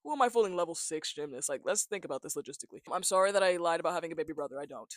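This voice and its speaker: Congested young man, joking, high voice. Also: racing, no room sound. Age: young adult. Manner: joking, self-mocking, animated. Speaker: vlogger. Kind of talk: casual talking-head chat. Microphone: small handheld mic, close. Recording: close dry tiny mic.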